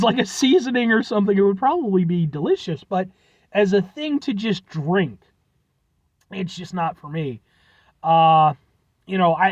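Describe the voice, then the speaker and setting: This food reviewer from the United States has a high-pitched voice and casually reviews a drink, rambling with lots of filler words and jokes at his own expense. The audio sounds dull, with no room sound.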